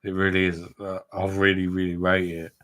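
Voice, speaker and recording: A man with a low, deep voice chats loosely and a little drunkenly to his viewers. He jokes, swears freely and rambles in an easy, friendly way as he wraps up a long live stream. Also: level tone, fairly quick, a bit bright. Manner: chatty, banter, swears casually. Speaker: beer review livestream host. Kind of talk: casual live stream chat.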